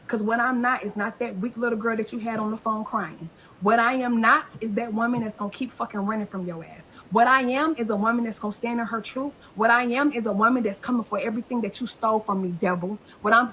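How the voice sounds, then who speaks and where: A woman's voice: a little high, fairly bright tone, slight background noise, rough recording. Furious woman ranting. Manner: heated, profane, repetitive. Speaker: person in a played clip. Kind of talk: angry livestream rant.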